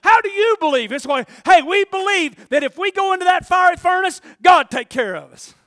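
A man preaching with fire in a drawl, his voice sitting unusually high and ringing bright and forceful. He swings from low, hushed asides to loud shouted calls to the congregation. The sound is dry and close. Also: animated, moderate pace, no echo. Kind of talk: sermon.

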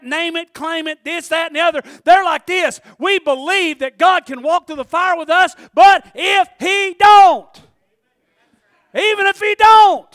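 A man preaching a sermon, swinging between hushed asides and shouted passages. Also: very high voice, no room sound, clean studio sound.

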